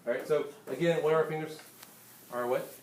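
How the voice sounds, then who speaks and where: A male teacher giving a lively, hands-on classroom lecture and speaking directly to his students. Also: on the high side, fairly quick, reverberant, crowd noise.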